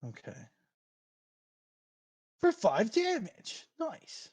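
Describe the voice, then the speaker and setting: A man narrating as game master for a tabletop game, chatty and quick to laugh. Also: fairly high pitch. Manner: laughs often, relaxed and chatty.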